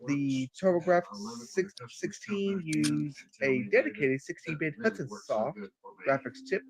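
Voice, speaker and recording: A streamer reads notes aloud slowly, halting and tripping over numbers with plenty of "uh"s. The pitch sits in the middle. Crowd noise murmurs clearly in the background. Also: lively intonation, low-quality recording. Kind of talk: reading aloud on a casual stream.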